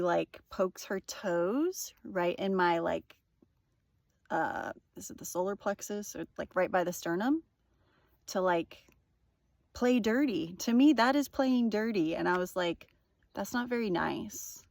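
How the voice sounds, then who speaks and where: A woman's voice: lowish voice, a little slow, gravelly, darkish tone, no echo, studio quality. A young woman telling a personal story in a casual, rambling monologue, full of fillers and swearing. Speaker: vlogger.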